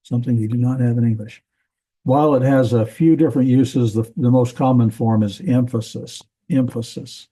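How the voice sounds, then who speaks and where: A man teaching a Bible language class in a relaxed, halting way, with many fillers and restarts. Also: mid-range voice, breathy edge, poor audio. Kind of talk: classroom lecture.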